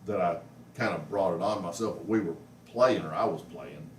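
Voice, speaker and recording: A pet vlogger with a low-pitched voice speaks at a moderate pace, telling a rambling story at home and cooing at his cat. The living-room recording is roomy, with the mic at a distance and faint noise.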